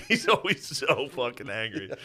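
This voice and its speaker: A man's voice: medium pitch, sing-song, measured pace, pushed and bright, slightly rough. A man co-hosting a casual podcast, telling profane stories about his family and laughing often. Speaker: podcast co-host and comedian.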